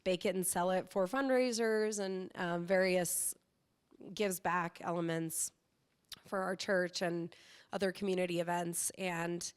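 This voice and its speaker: A middle-aged woman from Southern California, a company founder telling her story in a casual interview with lively energy. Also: fairly low pitch. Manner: lively, animated storytelling with laughs.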